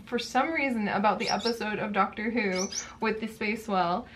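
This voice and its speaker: A young adult woman chatting casually through a book box unboxing, gushing and quick to exclaim over each item. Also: medium pitch, a little hiss or hum.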